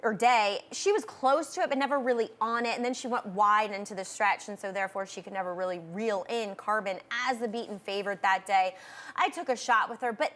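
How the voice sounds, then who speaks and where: A woman's voice: mid-range voice, brisk, a bit bright. A woman co-hosting a horse racing show, giving thoughtful, agreeable handicapping opinions in casual chat. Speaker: racing analyst co-host. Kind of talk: casual betting analysis chat.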